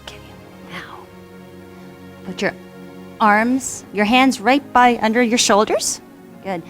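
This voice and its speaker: Woman kids yoga teacher, higher voice, soft encouraging sing-song cues, faint music behind. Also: slow. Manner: gentle, encouraging, sing-song instructions to children. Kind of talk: guiding a children's yoga class.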